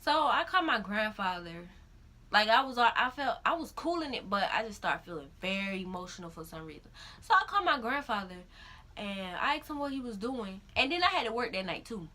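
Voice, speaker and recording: A young woman telling a personal story in a casual vlog, animated, acting out the voices of others. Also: fairly quick. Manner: animated, acts out her own crying in high-pitched quotes. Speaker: vlogger. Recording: faint background noise.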